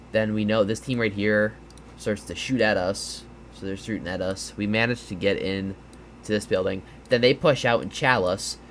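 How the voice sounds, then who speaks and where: A man with a lowish voice gives a casual gameplay breakdown, explaining strategy over a map while tired and yawning. He rambles a little, with fillers and restarts, and the audio carries a slight hiss or hum.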